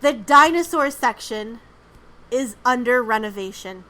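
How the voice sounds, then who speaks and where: A podcast co-host with a bright, forceful voice on the high side talks a little slowly and expressively. She wanders through stories in relaxed conversation, leaning on "um" and "like" and swearing freely, all captured in a low-quality recording.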